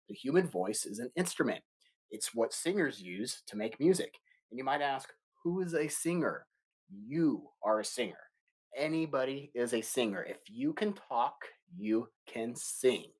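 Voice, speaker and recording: Patient music teacher talking to kids. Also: male voice, medium pitch, breathy edge. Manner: patient, explains slowly with playful asides to kids. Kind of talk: remote music lesson for children. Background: guitar playing.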